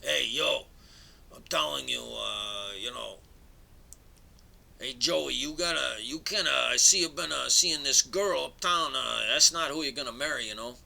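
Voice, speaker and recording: A man putting on a bossy male mob boss who bullies a younger relative with halting threats. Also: mid-range voice, gravelly, bright, forceful tone, voice pushed up, exaggerated voice, low-quality recording. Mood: threatening. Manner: threatening, commanding, halting with fillers.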